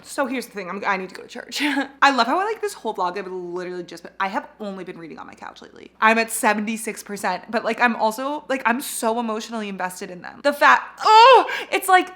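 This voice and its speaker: A woman's voice: a little high, sing-song, quick pace, a bit bright. A young woman chatting casually in a reading vlog at home, gushing about books, laughing often and swearing freely. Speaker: book vlogger. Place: home, bathroom while doing makeup.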